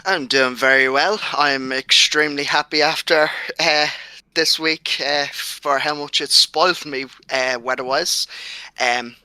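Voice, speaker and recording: An Irish man talking as a guest on a computer voice call, giving measured, brief answers. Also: a little high, steady tone, bright, forceful tone, clear, resonant tone, no room sound, low-quality recording. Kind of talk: casual chat.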